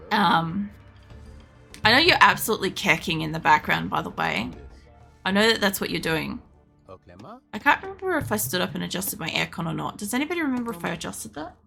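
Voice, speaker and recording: A woman streaming a video game, chatting in a rambling way, swearing freely and yelling at the game. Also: mid-range voice, gravelly. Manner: yells excitedly at the game. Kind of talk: casual live-stream chatter while gaming. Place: home room with air conditioning.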